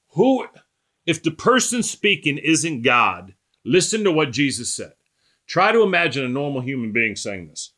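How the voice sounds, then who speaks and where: A man preaching a sermon, emphatic and repetitive, slowing and rising on quoted scripture. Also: mid-range voice, sing-song, sharp tone. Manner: repetitive, rhetorical lists.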